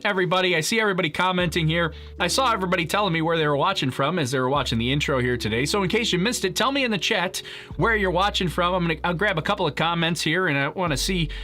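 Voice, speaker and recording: Bright-voiced chatty livestream host. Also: male voice, sits high. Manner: chatty, joking, laughs often. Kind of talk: casual live-stream chat with viewers.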